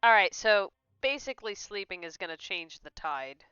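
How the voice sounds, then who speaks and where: A woman's voice: medium pitch, lively intonation, normal speed, pushed and bright, clean tone, no echo, dull audio. A woman streaming a mystery game, chatting, giggling and reading instructions aloud. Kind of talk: let's play commentary.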